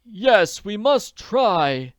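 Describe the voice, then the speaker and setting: A man's voice: high-pitched, lively intonation, measured pace, dry recording, clean studio sound, voice pushed up. A man reading an audiobook, voicing an ailing, distressed middle-aged man in a pleading, overwrought manner. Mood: distraught. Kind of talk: audiobook character voice.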